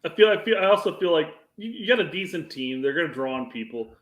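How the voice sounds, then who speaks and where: A man co-hosting a casual soccer podcast, talking in halting bursts and repeating words. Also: a little high, lively intonation, a bit bright, highs cut off. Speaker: podcast co-host. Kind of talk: casual sports chat. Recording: echoey room.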